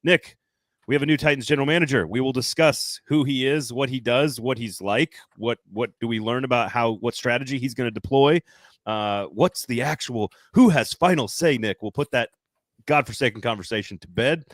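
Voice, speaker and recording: A man's voice: mid-range voice, normal speed, no echo. A man hosting a sports podcast, talking in a loose, rambling, jokey way. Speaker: podcast host. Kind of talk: casual sports talk.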